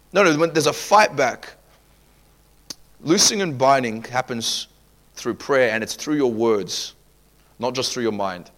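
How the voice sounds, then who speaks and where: A man's voice: mid-range voice, unhurried, long pauses, a bit bright. A man preaching a sermon as pastor, emphatic, acting out quoted people in asides.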